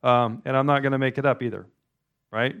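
A man's voice: mid-range voice, steady tone, a little fast, clear, resonant tone, highs cut off. A male pastor giving a loose, conversational sermon, wandering through asides and restarting his sentences often.

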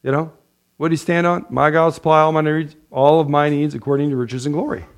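Laughing, lively male preacher. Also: fairly high pitch, fast. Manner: lively, laughs often, loud bursts of praise. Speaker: pastor. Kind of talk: sermon.

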